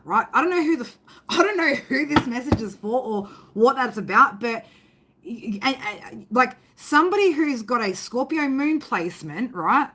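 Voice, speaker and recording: A woman's voice: a little high, sing-song, moderate pace, a bit bright, slight background noise. A woman giving a casual spoken tarot reading, rambling and emphatic, swearing freely and often tagging her sentences with "right?". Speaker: tarot reader.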